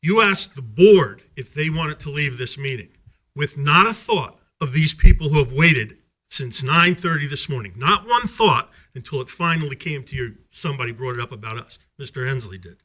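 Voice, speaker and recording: Angry man with a sharp voice. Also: medium pitch, expressive, moderate pace. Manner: angry, accusatory, rhetorical. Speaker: public commenter. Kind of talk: public comment at a school board meeting.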